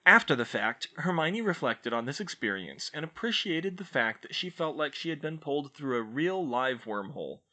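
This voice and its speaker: A man reading fan fiction aloud as an expressive audiobook narrator. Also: fairly high pitch, moderate pace, hardly any pauses. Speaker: audiobook reader.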